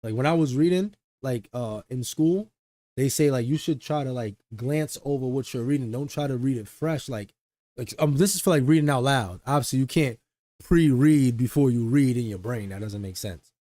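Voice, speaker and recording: A man's voice: mid-range voice, moderate pace, mellow, dry recording. A young man, a streamer, chatting casually and rambling in slang to his viewers, often mocking himself. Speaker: streamer reacting to a video.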